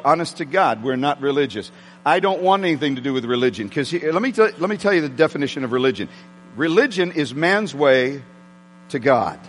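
A man preaching a sermon to his congregation, excitable and prone to yelling. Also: a little high. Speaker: pastor. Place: church sanctuary with congregation. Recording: long hall reverb.

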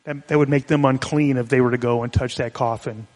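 A man's voice: medium pitch, steady tone, fairly quick, a little mellow. Man preaching in a reverberant hall. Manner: conversational, explanatory, with restarts. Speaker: pastor. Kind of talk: sermon.

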